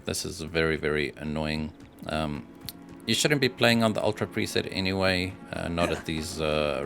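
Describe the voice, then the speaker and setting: A man giving casual voice-over commentary on gameplay benchmarks, hesitant and matter-of-fact, often pausing with filler sounds. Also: low voice, vocal fry, a bit bright.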